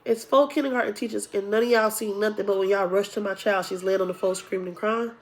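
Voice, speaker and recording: A young woman vlogger telling a casual storytime, animated and acting out the people she quotes. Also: mid-range voice, fast talker.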